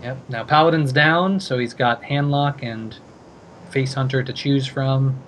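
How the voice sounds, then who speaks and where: A man's voice: mid-range voice, measured pace, fairly bright tone, a little hiss or hum. A man casting a card game tournament, talking through each play with plenty of thinking-aloud fillers. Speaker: esports caster.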